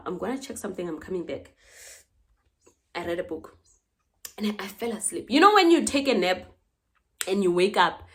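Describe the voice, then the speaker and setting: A young woman with a South African accent tells a story to camera in a loose, chatty way. She slips into the other characters' voices and swings between hushed asides and bursts of animated disbelief, with a voice sitting at a middle pitch. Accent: South African English. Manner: animated, dramatic retelling with quoted dialogue. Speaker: vlogger. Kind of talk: casual storytelling.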